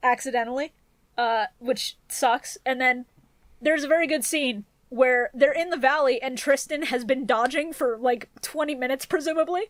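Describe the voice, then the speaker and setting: High-pitched woman podcaster, swears a lot, jokey recap, dry close mic. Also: normal speed, dry recording. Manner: profane, joking, animated storytelling. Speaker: podcast co-host. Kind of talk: casual chat recapping an anime.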